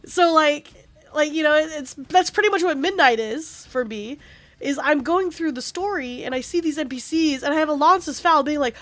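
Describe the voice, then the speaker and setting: A woman's voice: sits high, moderate pace, fairly bright tone, dry recording. A woman streaming a game, chatting casually in a rambling, profane and passionate way. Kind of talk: casual gaming stream chat.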